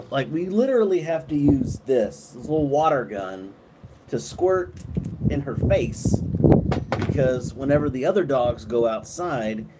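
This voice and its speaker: A middle-aged man hosting a casual live stream at night, talking to viewers in a relaxed, rambling way and often restarting his sentences. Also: mid-range voice. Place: outdoors at night, windy, on a porch. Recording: wind noise on the mic outdoors.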